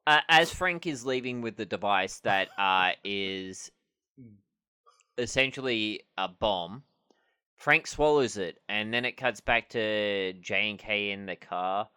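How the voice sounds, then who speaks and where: A man's voice: on the low side, takes it slowly, bright, forceful tone, clear, resonant tone. A man co-hosting a podcast, recapping an episode in a dry, matter-of-fact way. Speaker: podcast co-host. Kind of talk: casual chat.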